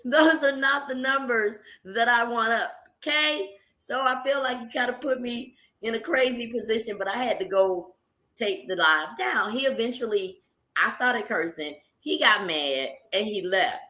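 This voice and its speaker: A woman hosts her own live stream and chats casually with the viewers she calls y'all. She sounds bright and animated and laughs often, and her voice bounces around an echoey room. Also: fairly high pitch, a little slow.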